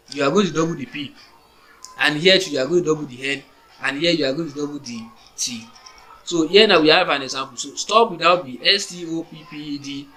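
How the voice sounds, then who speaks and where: Bright-voiced man teaching spelling rules. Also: a little high, low-quality recording. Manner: spells words letter by letter, restarts often, asks "you understand?". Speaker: English teacher. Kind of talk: explaining grammar on a whiteboard.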